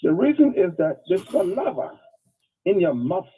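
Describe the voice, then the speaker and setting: A man's voice: sits high, sing-song, moderate pace, mellow. A man giving a step-by-step health talk, repeating his points with emphasis. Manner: repetitive, emphatic, step-by-step advice. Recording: phone line, husky and lo-fi.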